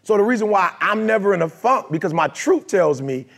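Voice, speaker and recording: A Detroit man with a raised, gravelly voice, a little higher than most men's, gives a motivational talk to a live crowd. He's animated, fairly quick and a bit bright, speaking emphatically and conversationally with lots of street slang.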